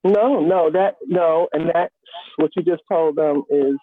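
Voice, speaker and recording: A woman's voice: deep voice, unhurried. Woman telling her story over a tinny line. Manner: earnest, emphatic, humorous asides. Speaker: guest speaker. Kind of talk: live-stream storytelling. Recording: tinny phone-line sound.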